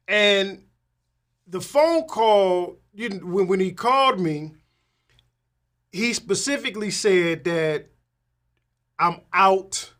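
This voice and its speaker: Speaking in a high-pitched voice, a man who works in tax talks informally to his audience. His rambling is full of restarts and frequent "right?" checks, and he livens up when retelling conversations.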